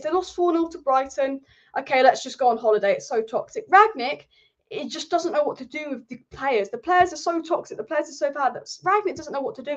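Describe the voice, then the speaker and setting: A young woman hosting a football fan channel, ranting passionately and swearing freely about her team. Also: sits high. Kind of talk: ranting fan commentary vlog. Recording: slightly dull lo-fi audio.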